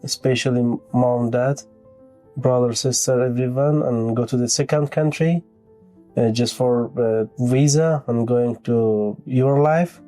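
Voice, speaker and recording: A man from Afghanistan speaking hesitantly in a testimonial interview, pausing often with fillers as he talks in his second language, with soft guitar music underneath. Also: mid-range voice, steady tone. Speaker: fiancé of the client.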